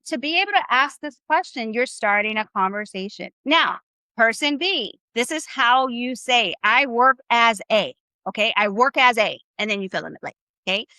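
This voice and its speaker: Upbeat, bright-voiced woman teaching Spanish. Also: a little high, dry recording. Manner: upbeat, coaching, asks the audience questions. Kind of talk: live online language class.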